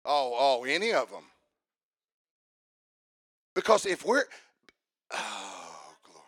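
A man preaching a fiery sermon, swinging from hushed asides to shouted emphasis. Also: mid-range voice, wildly swooping pitch, slow pace, husky.

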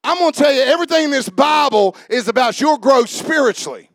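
High-voiced shouting preacher. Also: male voice, fast, dry recording. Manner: animated, shouting preaching with laughs and audience calls. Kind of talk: sermon.

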